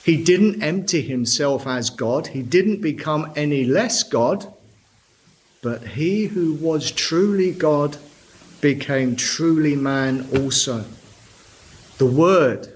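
A man preaching a sermon from a church pulpit, slow and deliberate, stressing key words. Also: fairly high pitch.

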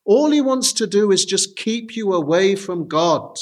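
A man's voice: sits high, animated, unhurried. A man preaching an earnest sermon, often turning to his listeners with direct appeals.

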